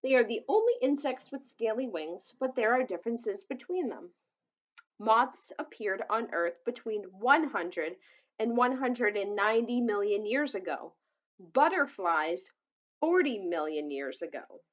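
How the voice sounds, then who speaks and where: A woman reading a children's picture book aloud, gently adding asides that explain things to young listeners. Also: fairly high pitch, sing-song, a little slow, highs cut off.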